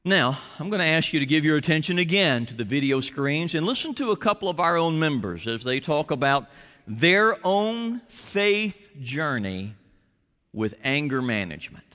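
A man's voice: a little high, sing-song, normal speed, sharp tone. A male pastor preaching a sermon in church, emphatic and drawn out, leading the congregation to repeat phrases. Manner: emphatic, stretches words for effect, leads the congregation in repeating phrases. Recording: reverberant church hall.

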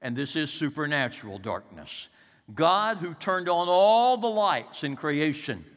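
A man's voice: sing-song, measured pace. Man preaching in a reverberant hall. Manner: dramatic preaching, swinging from loud peaks to hushed lows. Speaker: pastor. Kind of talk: sermon.

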